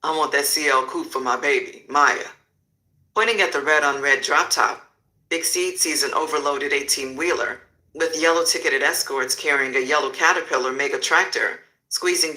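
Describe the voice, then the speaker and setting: Man narrating a crime story, piercing bright tone. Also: fairly high pitch, poor audio. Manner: vivid, descriptive storytelling.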